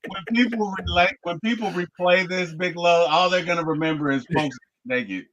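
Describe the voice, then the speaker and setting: High-voiced teasing man exclaiming. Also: normal speed, fairly bright tone, muffled recording. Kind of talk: casual sports podcast chat.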